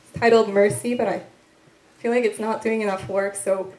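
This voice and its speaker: Woman poet from Korea, poetry reading, even and flat delivery, roomy event hall. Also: mid-range voice. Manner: measured, deliberate recitation with pauses between lines; soft, tentative asides between poems. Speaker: poet reading her work. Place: event room at a literary venue. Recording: echoey live event room.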